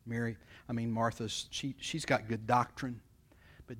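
A man's voice: level tone, measured pace. A man preaching a sermon in a folksy, conversational way, often acting out what people say. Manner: folksy, conversational, acts out quotes with swings in pitch and loudness. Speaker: pastor.

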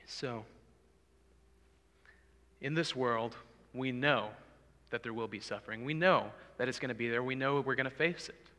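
Casting note: male preacher, earnest and pleading, bright forceful tone, long hall reverb. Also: medium pitch, moderate pace. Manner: earnest, pleading, swells loud for emphasis. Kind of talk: sermon.

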